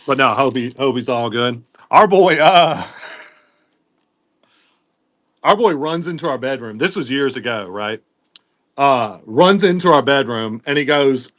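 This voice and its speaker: A man's voice: medium pitch, expressive, measured pace, long pauses, fairly bright tone, no echo, studio quality. A man hosting a live-stream pin sale in casual, rambling chat, greeting viewers by name as he goes.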